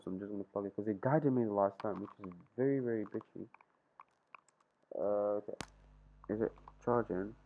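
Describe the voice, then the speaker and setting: A man's voice: on the low side, darkish tone, dull audio. A young man casually walking through a trading chart, thinking aloud in a slangy, rambling way. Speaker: trading vlogger. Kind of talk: casual screen-share trading walkthrough.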